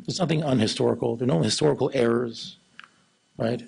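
Man, religious lecturer, gravelly, husky, low monotone delivery. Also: brisk, poor audio. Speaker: Islamic lecturer.

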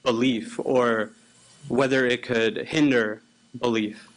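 Slow, hesitant man asking a question. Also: medium pitch, fairly even intonation, low-quality recording. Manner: hesitant, searching for words. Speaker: audience member asking a question.

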